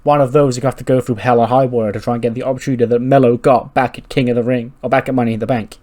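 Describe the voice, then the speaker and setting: A man's voice: medium pitch, fairly even intonation, darkish tone, close to an everyday voice. A man doing a cocky wrestler's boastful promo. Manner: boastful, quick patter.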